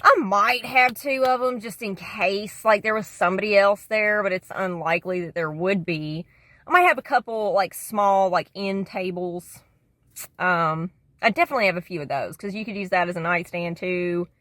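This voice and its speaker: A woman's voice: mid-range voice, normal speed, a bit bright, no echo. A woman vlogger rambling casually to camera, slangy and profane, calling the viewer "dude".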